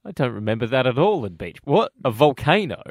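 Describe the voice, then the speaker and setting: A man's voice: mid-range voice, fairly quick, dry recording, studio quality. An Australian man in his thirties co-hosting a breakfast radio show, chatty and laughing as he tells stories. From Western Australia. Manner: chatty, laughing, animated storytelling. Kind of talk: casual breakfast radio banter.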